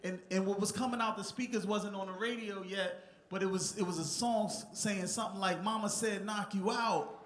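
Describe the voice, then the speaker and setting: A man's voice: high voice, fairly even intonation, brisk. A middle-aged man from New Jersey giving a rambling, heartfelt acceptance speech on a theatre stage, with many restarts. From Newark, New Jersey, USA. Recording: echoey theatre sound.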